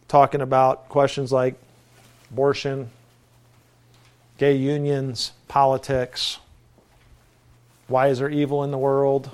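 A man's voice: mid-range voice, darkish tone. A middle-aged male pastor preaching a folksy, conversational sermon with self-deprecating asides.

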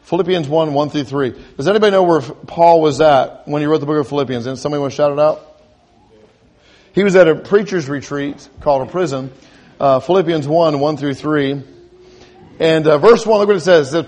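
A man preaches a sermon, asking his congregation questions and building to emphatic crescendos, often restarting and repeating words. His voice is a little high and darkish, and he speaks fairly quickly.

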